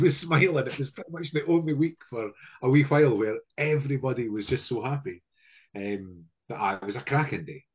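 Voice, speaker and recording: A man hosting a casual football podcast, chatting in a relaxed way and laughing easily. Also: medium pitch, breathy edge, muffled recording. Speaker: podcast host. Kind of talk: casual chat.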